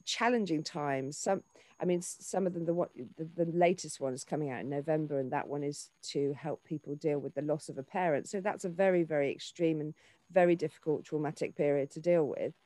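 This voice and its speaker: A woman in her forties talks in an animated, searching way, often doubling back mid-sentence. Her voice sits fairly low. The recording is dry and close, with no room sound. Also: brisk, no room sound. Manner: animated, with frequent restarts and fillers. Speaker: actor and children's author. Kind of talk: casual interview talk.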